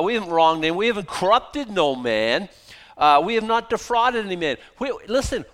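Animated man preaching a sermon. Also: sits high. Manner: animated preaching, repeats and restarts, rising to emphatic bursts. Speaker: pastor.

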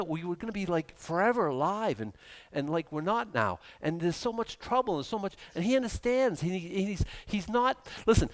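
A man preaching a sermon with animated delivery, swinging between hushed and loud. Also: high voice.

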